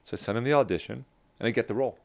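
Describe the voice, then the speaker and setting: A man's voice: mid-range voice, very fast, creaky. A man from New Jersey, a guest in a casual interview, telling stories and acting out his past remarks, with many "like"s. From New Jersey, USA. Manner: animated, acts out his own past lines, many "like"s.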